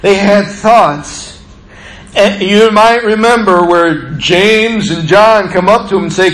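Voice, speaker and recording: A male pastor preaching a sermon with animated delivery, acting out the scripture. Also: high-pitched, slow pace, roomy sound.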